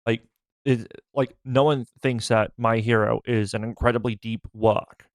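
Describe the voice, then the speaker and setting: A man's voice: mid-range voice, fairly even intonation, no room sound. Chill guy cohost weighing in on rankings, dry close-mic sound. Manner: laid-back, short replies and measured opinions. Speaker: podcast co-host. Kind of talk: casual chat.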